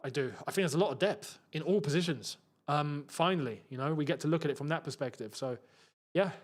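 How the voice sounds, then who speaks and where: Male streamer, fairly high voice, loose live football commentary with exasperated repeats. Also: quick pace. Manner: frustrated outbursts, repeats himself. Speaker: football watchalong host. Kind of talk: live casual commentary while reading chat.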